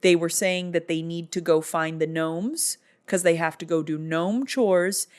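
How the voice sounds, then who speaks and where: A woman's voice: on the low side, measured pace. Sarcastic woman recapping a movie. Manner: sarcastic, jokey storytelling. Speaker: vlogger. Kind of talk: casual movie recap commentary.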